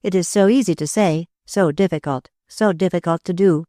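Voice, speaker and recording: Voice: medium pitch, moderate pace, no room sound, clean studio sound, lightly acted. A narrator voicing a proud, bitter young woman. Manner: steady and bitter. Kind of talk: audiobook character reading.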